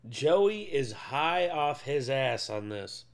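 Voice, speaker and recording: A man's voice: medium pitch, big pitch swings, slow, a little hiss or hum. A man casually reacting to video clips as a co-host, drawling and laid-back with casual swearing.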